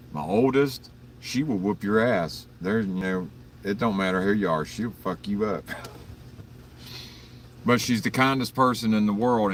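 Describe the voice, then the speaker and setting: A very deep-voiced man chats through an early-morning livestream, rambling through stories with plenty of swearing and chuckles. He sits some distance from the mic, with faint vehicle noise in the background. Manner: rambling, profane storytelling with frequent chuckles; greets viewers in chat by name. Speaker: livestream host.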